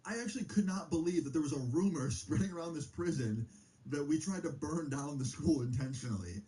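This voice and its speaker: A young man streaming, telling a story in a loose, profane casual style full of fillers, his pitch jumping up on exclamations. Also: animated, brisk, dark tone, low-quality recording.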